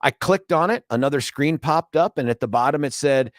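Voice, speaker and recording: A fifties-aged radio host speaks in a fairly high, brisk voice through a studio microphone, with no echo. He tells lively, rambling stories in casual on-air chat, often starting over mid-thought.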